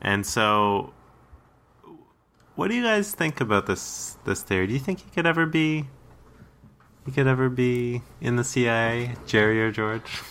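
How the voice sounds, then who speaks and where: A Canadian man co-hosting a casual podcast chat, animated and quick to laugh. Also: medium pitch, clean tone. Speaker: podcast co-host.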